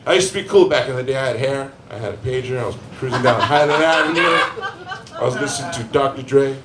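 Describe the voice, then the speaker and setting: A man's voice: mid-range voice, fast talker, heavy background noise. A man doing a stand-up comedy set, telling crude rambling stories and acting out the people in them. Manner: crude, rambling storytelling with voiced characters. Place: live comedy venue. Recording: echoey room with faint ambience.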